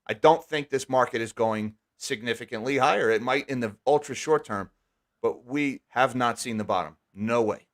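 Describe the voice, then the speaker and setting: A man hosting a live stream, talking casually and wryly, with quick sarcastic asides. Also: medium pitch. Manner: chatty, wry, quick asides. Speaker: livestream host.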